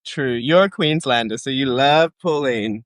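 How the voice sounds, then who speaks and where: A man, co-hosting a podcast in casual chat, playfully teasing and breaking into loud exclamations. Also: medium pitch, a little slow, no room sound, studio quality. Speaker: podcast co-host.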